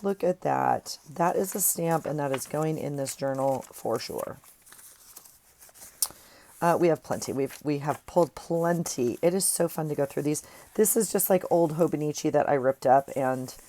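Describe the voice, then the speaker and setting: Her low voice is gravelly yet mellow as she chats with viewers from her craft desk. The craft vlogger rambles in a friendly way, picked up by an earphone mic.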